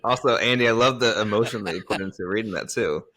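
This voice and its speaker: A man's voice: lowish voice, fast talker, sharp tone, a little hiss or hum. A man co-hosting a podcast in casual chat, laughing a lot and tossing in jokey asides. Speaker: podcast co-host.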